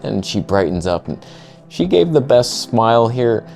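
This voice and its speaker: A man narrating his own video footage in a casual, sarcastic, self-mocking way with quick asides. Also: mid-range voice, very animated, gravelly, darkish tone, soft background music. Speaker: photographer vlogger.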